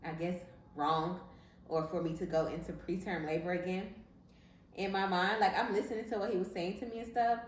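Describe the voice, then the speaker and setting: A woman's voice: on the low side, steady tone, a little fast, slight background noise. A young woman casually telling a personal story as a vlogger, chatty and full of "like" fillers. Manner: chatty, filler-heavy with frequent "like". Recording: roomy echo from some distance.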